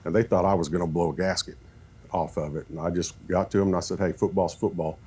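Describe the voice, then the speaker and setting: A man who coaches football, telling animated stories in a podcast chat and acting out what people said. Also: deep voice, fast talker, slightly rough. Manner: animated storyteller, acts out quoted talk.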